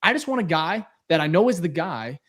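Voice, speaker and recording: A man's voice: a little high, big pitch swings, a little fast, fairly bright tone. Frustrated young man ranting about football. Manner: frustrated, blunt, swears, repeats himself. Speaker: podcast co-host. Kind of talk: heated post-game podcast rant.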